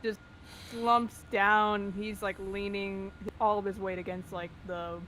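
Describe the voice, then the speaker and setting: A woman's voice: mid-range voice, little pitch movement, slow, fairly bright tone, slight background noise. A woman player in a tabletop game describing her character's actions hesitantly, with many fillers.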